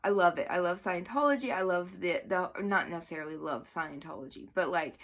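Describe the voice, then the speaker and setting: A woman's voice: on the low side, fairly quick, fairly bright tone. A woman talking casually about books she loves, gushing and chatty. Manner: gushing, chatty, with fillers and self-corrections. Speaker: book vlogger. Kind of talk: casual book review talk.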